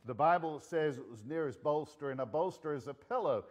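A man with a Southern US accent preaching a sermon as pastor, telling the story with animated delivery, shouting out lines and dropping to hushed asides. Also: a little high, fairly quick.

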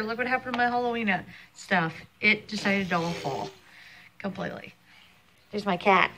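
A woman talks into her handheld phone for a casual family vlog, chatty and loose, calling her viewers "guys." Her voice sits at an ordinary middle pitch, and a faint hiss runs under the home recording. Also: normal speed, bright, forceful tone. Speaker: family vlogger. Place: home indoors. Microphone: handheld phone camera.

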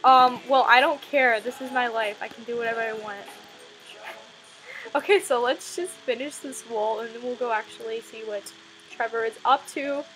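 Slightly high and a bit bright, this gaming host's voice keeps a steady tone at normal speed, on a rough recording with a little hiss or hum. The young woman's casual gameplay commentary is playful and rambling, full of giggles, with faint background music underneath.

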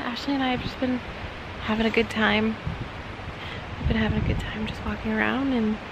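A young woman vlogging on a trip, chatting casually and filling pauses with lots of ums. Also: a little high. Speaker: travel vlogger. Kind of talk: casual travel vlog chat. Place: outdoors on a trail, later in a car. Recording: loud background noise, outdoors and car.

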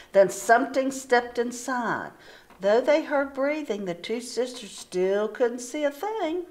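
A woman teacher reading a storybook aloud to children with expressive storytelling. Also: mid-range voice. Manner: slow, expressive storytelling with pauses.

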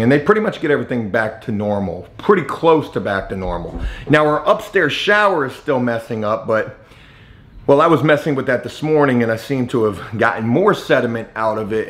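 A man ranting casually to camera as a vlogger, telling a heated story in a blunt, profane and animated way. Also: medium pitch.

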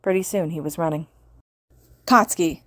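Low-voiced woman reading a story. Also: fairly even intonation, fairly quick, darkish tone, dry recording, clean studio sound. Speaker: podfic reader. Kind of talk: audiobook narration of fan fiction.

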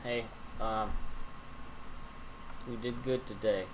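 A man's voice: on the low side, fairly even intonation, takes it slowly, background noise. A man co-hosting a casual let's play, joking, swearing and reading quest text aloud. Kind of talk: casual gaming chat.

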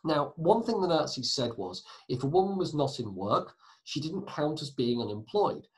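A man teaching a recorded history lesson in a chatty way, full of asides and quick self-corrections. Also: fairly high pitch, expressive, a little mellow, poor audio.

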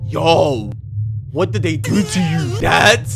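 A man's voice: fairly high pitch, big pitch swings, a little slow, gravelly. Joking young man over game music. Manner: jokey, reads the game's dialogue aloud. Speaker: gaming commentator. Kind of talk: horror game let's play commentary.

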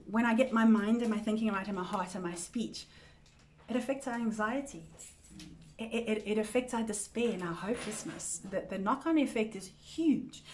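A woman with a slightly high-pitched voice leads a Bible study for a women's group. She talks in an earnest, conversational way, repeats her words as she thinks, and keeps checking that her listeners are following. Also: darkish tone, slight background noise. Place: church women's group meeting.

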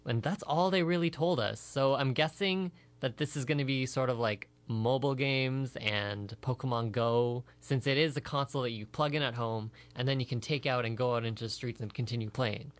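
A man's voice: mid-range voice, dry recording. A young man co-hosting a radio talk show, casually presenting news items and moving the chat along. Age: young adult. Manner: brisk, moves the talk along to the next topic.

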